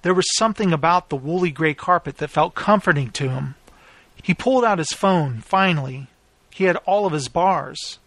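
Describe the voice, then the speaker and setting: A man reading his own story aloud as its narrator, in a steady, plain storytelling manner. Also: fairly high pitch, normal speed, no echo. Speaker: author and narrator. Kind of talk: scripted audiobook narration.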